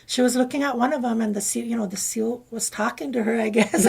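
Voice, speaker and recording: A woman guest telling a personal story in conversation, rambling and often dropping into breathy half-whispered asides. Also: on the high side, moderate pace, darkish tone. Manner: meandering, with many fillers and restarts. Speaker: interview guest.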